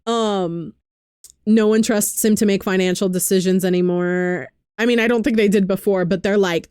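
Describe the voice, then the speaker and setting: A woman vlogger in casual chat about her favorite game characters, talking in a loose, rambling way with lots of "um" fillers and quick laughs. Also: medium pitch, darkish tone, clear, resonant tone, dry recording, studio quality. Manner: chatty, frequent "um" fillers, light laughing asides. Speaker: vlogger and streamer.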